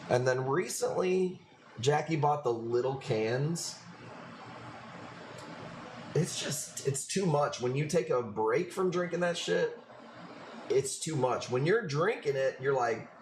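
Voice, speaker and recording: A man's voice: mid-range voice, animated, slow, long pauses, a little hiss or hum. Rambling, cussing Chicago guy streaming. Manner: loose, rambling and profane. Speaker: livestream coral seller. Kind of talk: casual livestream chat.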